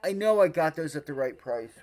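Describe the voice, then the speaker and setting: A man's voice: fairly high pitch, a little fast. A man commenting live on his trades during a stock trading stream, swearing often and rambling. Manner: profane, excitable, rambling. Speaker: livestream day trader.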